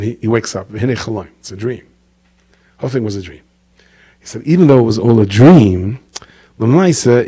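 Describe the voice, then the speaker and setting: Delivering a Torah talk full of stories, this male rabbi voices his characters with dramatic pitch leaps. He is an animated storyteller whose English has Yiddish inflections.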